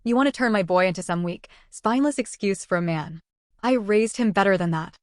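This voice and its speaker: A menacing older father-in-law, low and hushed, sneering with cold contempt, as a woman narrator reads him. The words come clipped and dry, with no warmth at all. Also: a little fast, dry recording, close to an everyday voice. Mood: contemptuous.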